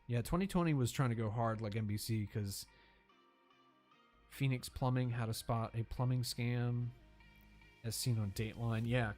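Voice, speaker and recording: A man hosting a reaction video, rambling casually with frequent laughs and swearing. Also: mid-range voice. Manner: rambling, profane, laughs often. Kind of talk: casual commentary over video clips.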